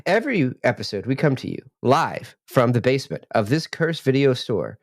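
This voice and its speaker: A man's voice: mid-range voice, expressive, moderate pace, no room sound, studio quality. A man co-hosting a comedy movie podcast, giving wry, mock-formal intros. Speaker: podcast co-host.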